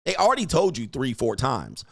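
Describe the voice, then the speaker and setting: Brash male reaction host, profane and laughing, lively delivery, dry room. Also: mid-range voice, fairly quick, vocal fry, no room sound. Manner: profane, blunt, laughing often. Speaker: reaction commentator. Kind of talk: casual video reaction commentary.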